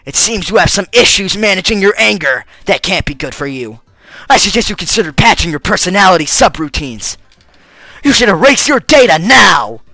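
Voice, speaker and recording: A man voicing a calm, clinical robot assistant who speaks in a measured, deadpan way for a fan dub of a game. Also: high-pitched, vocal fry, no echo, faint music behind, exaggerated voice. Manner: measured, deadpan, matter-of-fact. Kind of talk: fan dub of a game's text.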